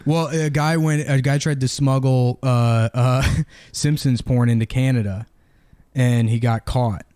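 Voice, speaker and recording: A man with a crisp, smooth voice rambles through crude comic riffs in loose podcast banter. The sound is dry and close, with no room around it. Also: medium pitch, steady tone, measured pace, dark tone, no echo. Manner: crude, rambling, punchline-driven. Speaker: podcast co-host. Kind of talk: casual comedic chat.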